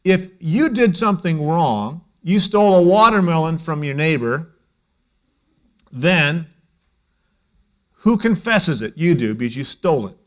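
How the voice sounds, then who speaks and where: A middle-aged male pastor preaching a sermon in a conversational way, dropping to a hush and then rising to emphasis. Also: a little high, lively intonation, measured pace, long pauses. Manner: conversational preaching, shifts between hushed and emphatic.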